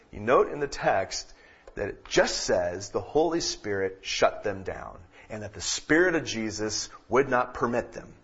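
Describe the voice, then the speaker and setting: A man preaching a sermon, moving from calm teaching to loud, emphatic peaks. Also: lowish voice, unhurried, husky, dull audio. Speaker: pastor.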